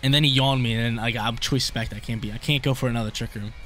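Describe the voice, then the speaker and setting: A young man talks quickly through his own game, thinking aloud in casual slang and repeating phrases as he weighs each move. His pitch sits in an ordinary middle range. Soft game music plays faintly behind him. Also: fairly even intonation. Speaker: gaming YouTuber. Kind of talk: live game commentary.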